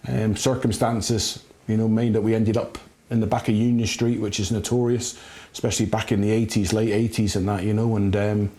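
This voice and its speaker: A man's voice: on the low side, level tone, brisk, hardly any pauses, dark tone. A middle-aged former footballer from Scotland with a West Country accent and slight Scottish touches, telling his story reflectively with many fillers in a studio. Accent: West Country English with slight Scottish touches. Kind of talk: interview. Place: recording studio.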